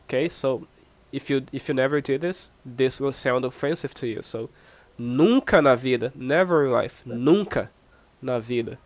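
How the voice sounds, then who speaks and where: Speaking in a mid-range voice with no echo, a Brazilian native speaker of Portuguese teaches Portuguese phrases in English during an online lesson. He drills slow examples patiently and repeats phrases often, frequently checking comprehension with "okay?"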